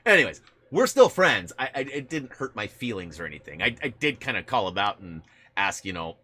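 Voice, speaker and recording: A man's voice: sits low, big pitch swings, normal speed, sharp tone. A man hosting a casual live stream on a gaming headset, rambling with many restarts, laughing often and answering viewer chat.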